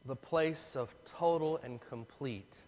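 A man's voice: mid-range voice, slow, darkish tone. A man preaching a sermon, telling the story dramatically and acting out the voices of the people. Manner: dramatic, acts out voices of the crowd. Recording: long reverb of a large hall.

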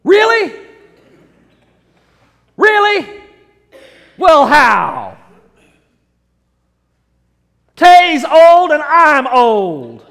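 A man voicing an old priest, Zechariah, incredulous and excited, with a squeaky exclaiming voice. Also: extremely slow, pauses often, heavily acted. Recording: echoey hall.

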